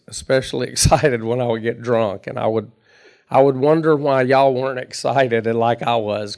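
This mid-range, creaky voice has a darkish tone. It belongs to a middle-aged man at a recovery meeting who recounts his recovery in a relaxed, folksy storytelling style, poking fun at himself.

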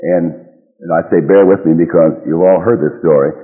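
Deep-voiced man telling folksy jokes. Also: fairly even intonation, a little fast. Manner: folksy, self-deprecating storyteller. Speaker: speaker at a recovery meeting. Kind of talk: joke-filled speech. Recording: dull old recording in a reverberant hall.

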